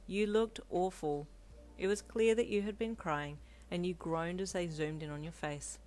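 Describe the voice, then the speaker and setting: A woman reading a second-person romance story aloud with calm, even pacing. Her voice sits on the lower side for a woman. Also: moderate pace, slight background noise. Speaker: narrator.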